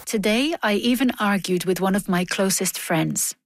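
A woman's voice: medium pitch, moderate pace, dry recording, clean studio sound. A woman reading a first-person voice-over in an earnest, weary, restrained manner.

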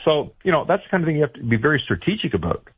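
A man's voice: fairly high pitch, sing-song, very fast, slightly rough, dry recording, narrow, tinny audio. A man giving political advice in a radio interview, talking loosely with many fillers and restarts. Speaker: political strategist guest.

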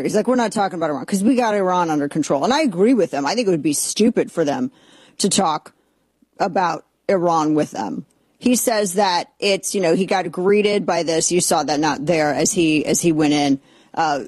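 A woman's voice: lowish voice, a little mellow, slightly rough, no echo. A woman hosting a talk radio show, opinionated and sarcastic, often exasperated. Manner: sarcastic, exasperated, mocking voices. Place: radio studio, simulcast.

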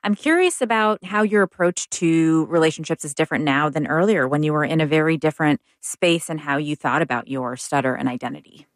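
A woman hosting an interview, asking calm, curious questions. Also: deep voice, a little fast, hardly any pauses, no echo. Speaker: interview host.

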